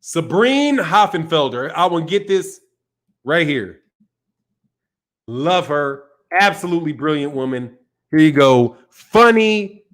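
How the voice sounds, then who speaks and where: A man's voice: a little high, lively intonation, takes it slowly, pauses often, a bit bright. A man hosting a casual live stream, talking loosely and rambling, dropping slang like dog and man while he reads viewer chat. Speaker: boxing channel host.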